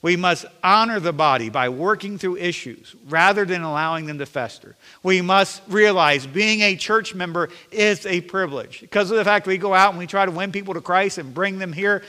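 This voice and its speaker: A man's voice: sits high, moderate pace, hardly any pauses, sharp tone. A male pastor preaching a sermon in a church, earnest and plain-spoken with light self-deprecating jokes. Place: church sanctuary. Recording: long reverb of a church sanctuary.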